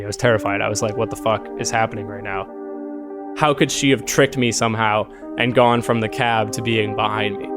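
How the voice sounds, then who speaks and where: A man recounts a personal encounter in loose, rambling speech, tossing in fillers and curses as he goes. His voice sits at an ordinary middle pitch, and a clear music bed plays beneath him. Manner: rambling and shaken, full of "like" fillers and swearing. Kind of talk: casual spoken storytelling. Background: eerie music bed.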